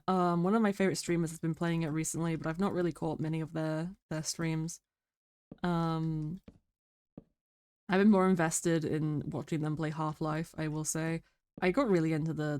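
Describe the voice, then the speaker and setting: A sick woman streamer chatting quietly and mumbling close to her microphone. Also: low voice, dry recording. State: sick, rough throat. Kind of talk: casual stream chat. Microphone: very close to mic.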